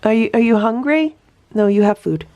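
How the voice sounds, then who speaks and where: A woman's voice: a little high, moderate pace, dark tone, dull audio. A woman filming a casual vlog at home, talking soothingly to a rescued cat and explaining her care in a coaxing, sing-song way.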